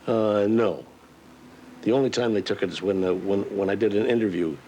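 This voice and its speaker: During a relaxed interview, an older man who does voice acting tells stories through chuckles and drops into character voices. He speaks fairly quickly in a lowish, mellow voice, with a little hiss or hum in the background.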